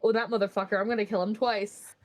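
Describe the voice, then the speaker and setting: A woman's voice: medium pitch, flat delivery, fast, close to an everyday voice. A woman voicing a sobbing, furious abandoned husband with an exaggerated, whiny delivery. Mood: sobbing rage.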